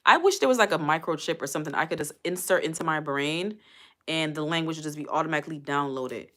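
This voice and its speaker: A woman's voice: deep voice, fast, bright, forceful tone. A middle-aged woman chatting casually on a live stream, musing aloud and drifting from topic to topic. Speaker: vlogger.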